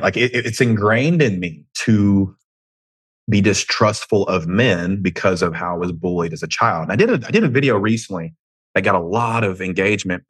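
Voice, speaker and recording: A man's voice: deep voice, fairly bright tone, slightly rough, dry recording. A man with a slight Southern American twang, hosting a solo podcast and rambling profanely, joking at his own expense and drifting into tangents. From United States. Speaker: podcast host. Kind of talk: casual solo podcast monologue. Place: home room.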